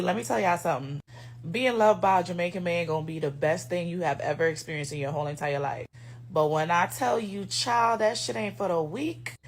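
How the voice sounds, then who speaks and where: A woman's voice: medium pitch, slight background noise. A woman speaking to camera in an emphatic, profane, preachy manner. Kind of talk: casual monologue to camera.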